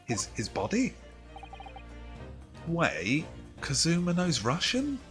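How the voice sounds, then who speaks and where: A man hosting a casual let's play, reacting excitably and joking while he plays. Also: a little high, takes it slowly. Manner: excitable, jokey, reacts and rambles. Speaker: gaming let's play host. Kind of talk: casual game commentary. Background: game music.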